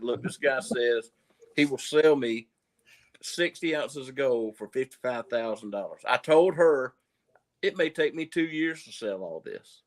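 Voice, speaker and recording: Brief: Southern man, coin-dealer guest, folksy yarn-spinner, mid pitch, restarts and repeats. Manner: folksy storyteller, repeats words as he goes. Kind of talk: casual livestream chat.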